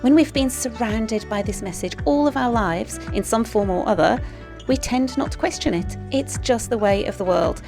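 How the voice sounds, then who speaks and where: A woman's voice: a little high, normal speed, gravelly, music in the background. Encouraging woman hosting a podcast. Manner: encouraging, cheers her guest on. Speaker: podcast host. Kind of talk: scripted intro then casual chat.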